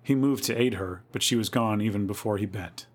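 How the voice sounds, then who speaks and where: Male podcast host, lowish voice, dramatic spooky story reading. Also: a little fast.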